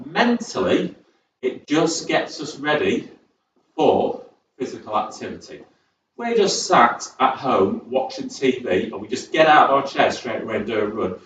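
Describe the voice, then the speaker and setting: A man's voice: medium pitch, big pitch swings, measured pace, fairly bright tone. A young man coaches a seated exercise class in a chatty, encouraging way, drifting into rambling asides. He sounds distant from the mic in an echoey sports hall, and the recording is dull with a faint hiss. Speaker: fitness instructor. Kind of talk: chair exercise class instruction. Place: community sports centre.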